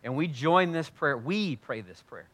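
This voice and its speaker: A man preaching as pastor to his congregation, energetic and joking, with loud bursts of emphasis as he leads a prayer time in church. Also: a little high, a little slow. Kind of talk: sermon leading congregational prayer. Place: church sanctuary.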